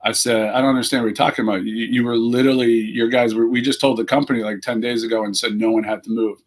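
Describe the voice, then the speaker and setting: A man's voice: medium pitch, steady tone, fast talker. A middle-aged man, a team founder and CEO, telling stories in a casual interview and acting out the quoted exchanges.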